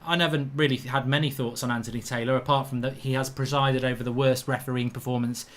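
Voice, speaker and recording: A man's voice: mid-range voice, flat delivery, fast, fairly bright tone. A middle-aged man from England hosting a live football watchalong, reading viewer comments and bluntly ranting about the referee in colloquial talk.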